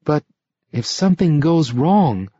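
Man voicing a young male hitchhiker, shape-shifter, high-pitched, anxious, pleading, hesitant, husky, muffled audiobook. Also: lively intonation, slow, mellow, no echo. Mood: fearful, pleading. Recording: slightly muffled recording.

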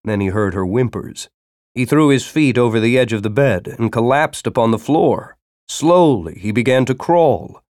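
A man's voice: medium pitch, lively intonation, normal speed, no echo, studio quality. Dramatic male audiobook narrator. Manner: dramatic, shifts into urgent shouting dialogue.

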